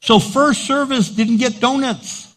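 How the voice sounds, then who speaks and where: A middle-aged man preaching a sermon as pastor, loud and animated, acting out little voices to make his points. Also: extremely high pitch, unhurried.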